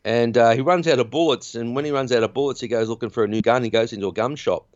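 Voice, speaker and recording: A man's voice: mid-range voice, quick pace, no echo, muffled recording. A man hosting a podcast, recapping a film in a chatty, rambling way. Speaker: podcast host. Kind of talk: casual film recap chat.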